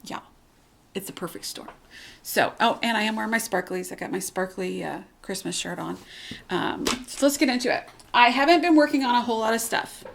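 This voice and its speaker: A woman's voice: on the high side, a little fast, vocal fry, a little hiss or hum. A woman hosting her own cross stitch channel, chatting casually from home in a candid, rambling way, full of ums and restarts. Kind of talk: casual rambling vlog chat. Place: at home, cat nearby.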